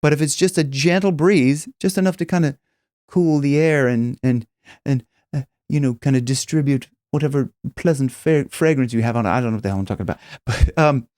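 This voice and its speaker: A man's voice: mid-range voice, a little fast, a little mellow, dry recording, clean studio sound. A man teaching singing in a casual, rambling way, with many restarts and demonstrations. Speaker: vocal coach.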